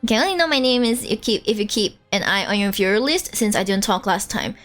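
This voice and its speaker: A young woman streaming a game, chatting casually in an animated, giggly way. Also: mid-range voice, fast, faint music behind. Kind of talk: casual let's-play chat.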